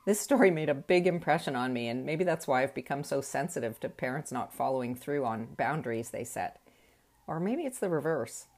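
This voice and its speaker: A woman's voice: a bass voice, expressive, fairly quick, darkish tone. A middle-aged woman telling a personal story in a wry, reflective way.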